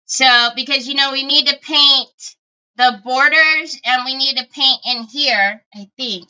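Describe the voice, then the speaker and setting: A woman's voice: sits high, unhurried, bright, forceful tone, clear, resonant tone, highs cut off. A woman hosting a casual craft livestream, chatting with viewers as she works and thinking aloud.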